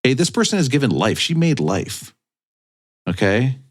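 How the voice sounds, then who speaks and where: A man's voice: medium pitch, sing-song, moderate pace. A man co-hosting a comedy podcast, telling crude stories in casual banter. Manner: crude storytelling, bursts of loud laughing delivery. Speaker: podcast co-host.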